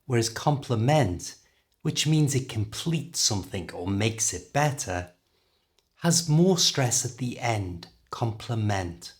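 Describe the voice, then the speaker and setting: A middle-aged man with a British accent teaching an English lesson, carefully and clearly modelling how words are pronounced. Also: medium pitch, expressive, takes it slowly. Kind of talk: language lesson.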